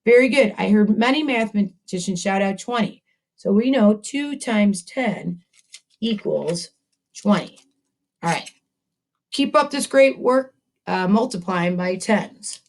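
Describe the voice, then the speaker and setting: A woman's voice: mid-range voice, lively intonation, measured pace, darkish tone. A woman teaching a math lesson to second graders, upbeat and encouraging, chatting with a puppet as she goes. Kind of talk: video math lesson for children.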